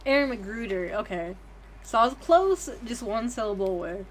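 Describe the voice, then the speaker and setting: A woman's voice: mid-range voice, very animated, moderate pace, a little hiss or hum. Giggly, profane young woman streamer. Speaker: game streamer. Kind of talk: casual livestream chat.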